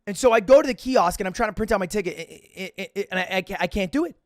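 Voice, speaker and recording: Streamer guy, kinda high voice, rambly sweary storytime, dry sound. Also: a little fast, no echo. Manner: rambling, self-mocking, profane, with many restarts. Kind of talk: casual storytelling to stream chat.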